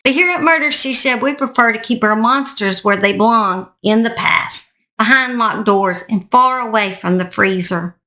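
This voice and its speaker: A woman's voice: fairly high pitch, normal speed, bright, forceful tone. A woman hosting a true crime channel, reading a scripted outro and then chatting casually, joking at her own expense with mild fake swearing.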